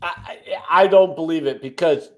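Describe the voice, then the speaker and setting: A man from the Midwest rants emphatically on a casual betting podcast, swearing freely. His voice sits a little high. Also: normal speed, darkish tone. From American Midwest. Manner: profane, emphatic ranting. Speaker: co-host.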